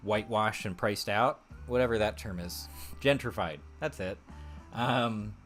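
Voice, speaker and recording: A man with a fairly low voice hosting a relaxed live stream. He rambles and thinks out loud, with plenty of ums and small laughs as he goes. Faint guitar music plays quietly behind him. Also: unhurried. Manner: rambling and chatty, laughs often, thinks aloud with many fillers. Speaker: streamer host. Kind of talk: casual live-stream chat.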